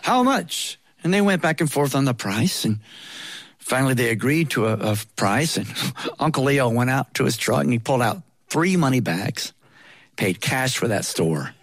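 A man's voice: mid-range voice, expressive, moderate pace. A man telling a humorous personal story in a wry, conversational way with playful asides.

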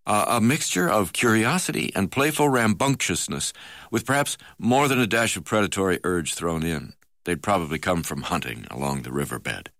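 A man with a very low voice reads a memoir aloud. His delivery is measured, with an occasional hesitation. The sound is close and dry, with no room around it. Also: a bit bright, dry recording. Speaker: reader.

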